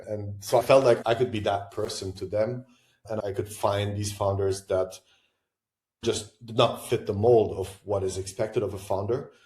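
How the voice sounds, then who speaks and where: A man from Lebanon with a low, warm, mellow voice answers a podcast host's questions in a relaxed, reflective way. He thinks aloud, adds asides and restarts his sentences. The room around him is noticeably roomy and echoey. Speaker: podcast guest, venture investor. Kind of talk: conversational interview answers. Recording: roomy echo.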